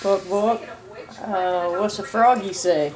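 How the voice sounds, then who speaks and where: A young mother in a home video, slowly and patiently asking her toddler questions in a playful sing-song. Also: medium pitch, darkish tone, low-quality recording.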